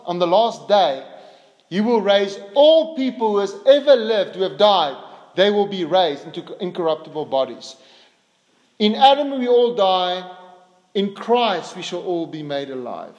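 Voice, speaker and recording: A man preaching a sermon in an earnest way, his voice lifting higher and louder on quoted cries for mercy. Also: big-room sound. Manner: earnest, rises in pitch and volume for quoted pleas.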